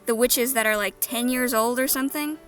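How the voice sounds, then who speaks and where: A woman's voice: on the high side, fairly quick, faint music behind. Dry, sarcastic woman co-hosting a review. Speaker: movie review co-host. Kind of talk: casual chat.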